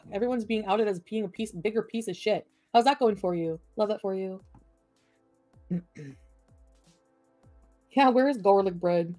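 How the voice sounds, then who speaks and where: A woman's voice: mid-range voice, dark tone, no echo. A woman streaming from home, ranting at her chat in a profane, combative and sarcastic way. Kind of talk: livestream rant at chat.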